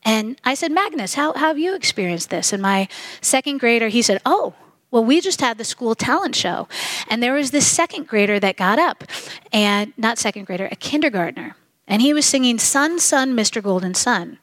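A middle-aged woman preaching a sermon, earnest and measured, slowing down to stress key phrases. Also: a little high, lively intonation, a bit bright, dry recording. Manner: earnest, measured, slows for emphasis.

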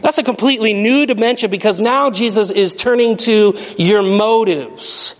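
A high-voiced male pastor preaches a sermon at normal speed in a reverberant hall. His delivery is animated and emphatic, full of rhetorical questions.

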